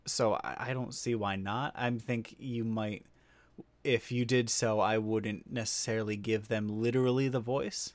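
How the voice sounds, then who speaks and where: A man's voice: fairly low pitch, steady tone, measured pace, dry recording. A man hosting a casual podcast, rambling and swearing freely with frequent restarts. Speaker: podcast host. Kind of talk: casual chat.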